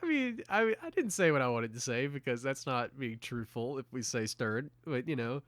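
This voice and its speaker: A man's voice: medium pitch, sing-song, normal speed, fairly bright tone, no echo. A man co-hosting a casual podcast from home, hesitant and searching for words, often laughing. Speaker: podcast co-host. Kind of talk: casual chat.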